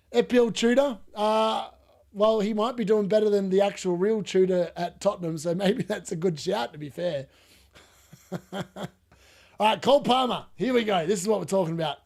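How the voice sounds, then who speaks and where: An Australian man hosting a live fantasy football watchalong, chatting and laughing with viewers and shouting at every chance. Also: sits high. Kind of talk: live watchalong commentary and chat replies.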